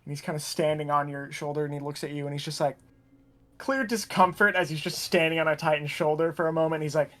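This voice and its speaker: A man's voice: a little high, fast, a bit bright. A man running a tabletop role-playing game as game master, narrating in a casual, laid-back way.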